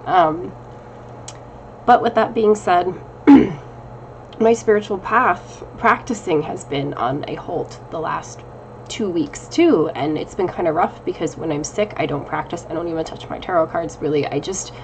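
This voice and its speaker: A woman's voice: on the low side, a little slow, a little hiss or hum, poor audio. A woman in her thirties, casually talking to her viewers in a rambling, self-deprecating personal check-in, recorded at home on a camera mic. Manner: chatty, rambling, laughs often, self-deprecating. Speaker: witchcraft vlogger.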